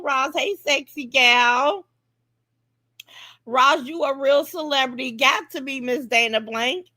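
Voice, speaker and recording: Woman streamer talking to chat, high bright voice, loud and brash, shouting out names and trashing haters, dry close sound. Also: no echo. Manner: brash, animated, greets commenters and mocks detractors. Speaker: livestream host. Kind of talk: casual livestream chat, greeting viewers.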